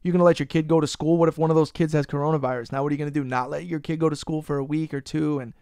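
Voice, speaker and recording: A man's voice: on the high side, fairly even intonation, rapid-fire, warm tone, clean tone, no room sound, clean studio sound. A man hosting a casual podcast. He rants, swears freely and teases his co-host. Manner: profane, ranting, teasing his co-host.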